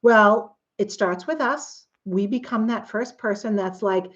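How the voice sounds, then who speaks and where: A woman's voice: medium pitch, slow pace, a bit bright, muffled recording. A woman coach giving a conversational, earnest teaching talk, now and then acting out quoted voices. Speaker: coach and author.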